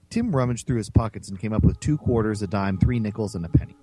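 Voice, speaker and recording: A man narrating a storybook aloud with an animated delivery. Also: on the low side, fast talker, hardly any pauses, slightly rough, faint music behind, rough recording. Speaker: reader. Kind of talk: reading a book aloud.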